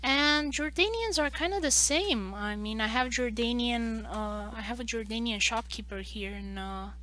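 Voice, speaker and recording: A young Romanian woman streams a live drawing session, chatting casually as she works. Her voice is a little high and sharp at a moderate pace, and her talk is loose and rambling, full of "like" fillers and restarts.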